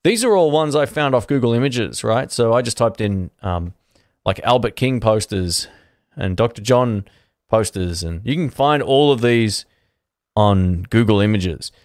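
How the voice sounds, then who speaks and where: A man's voice: mid-range voice, expressive, measured pace, no room sound. A man, hosting a live stream from his home studio and chatting through viewer comments in a friendly, rambling way. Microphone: dynamic podcast mic.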